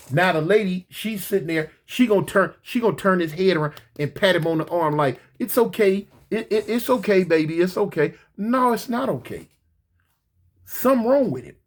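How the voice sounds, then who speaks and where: Husky, lively slangy storyteller. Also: mid-range voice. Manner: animated, slangy, repeats words; acts out voices in quotes. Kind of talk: casual storytelling.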